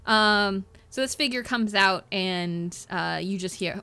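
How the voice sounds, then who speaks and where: A woman's voice: medium pitch, slow, pushed and bright, clean tone. A woman narrating a tabletop game as game master, rambling through her descriptions with many fillers.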